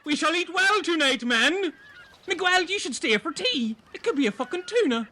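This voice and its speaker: A man in improvised comedy role-play, excitable, rambling and crude. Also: extremely high pitch, moderate pace. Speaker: castaway fisherman character in comedy improv.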